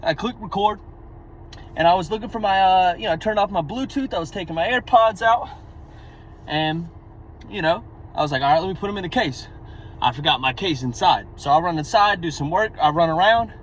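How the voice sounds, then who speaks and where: A man's voice: sits high, lively intonation, brisk, a little hiss or hum, poor audio. A young man talking to his own camera in a blunt, rambling, profane way, a little out of breath. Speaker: vlogger. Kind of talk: casual monologue to camera.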